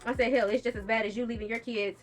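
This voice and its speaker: A woman's voice: a little high, fairly even intonation, quick pace, soft background music. A young woman, telling a personal story in a casual storytime vlog, blunt and profane, reading out text messages with bursts of laughter.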